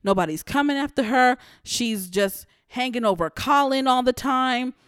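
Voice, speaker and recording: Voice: high voice, normal speed, fairly bright tone, clean tone, dry recording, clean studio sound. A young adult podcast host ranting casually and bluntly, full of profanity and gossip. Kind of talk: solo podcast rant.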